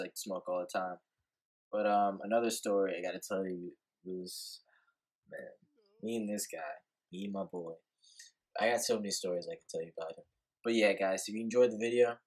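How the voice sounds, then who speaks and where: Husky, fast-talking young man telling a story. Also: fairly low pitch, a little mellow. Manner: rambling, laid-back, heavy filler words and swearing. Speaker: vlogger. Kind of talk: casual storytelling vlog.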